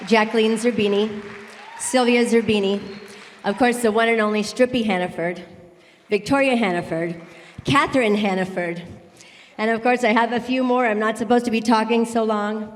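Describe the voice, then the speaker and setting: A woman's voice: mid-range voice, in a large hall. A woman giving an emotional, grateful acceptance speech at an awards ceremony in a large tent, listing many names she thanks.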